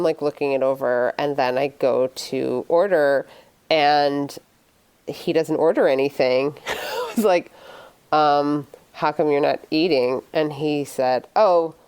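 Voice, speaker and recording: Middle-aged woman host, really low voice, laid-back storytelling, lots of mm-hmms. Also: smooth. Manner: low-key, frequent murmured backchannels, relaxed storytelling. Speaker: podcast host. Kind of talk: casual chat and anecdote.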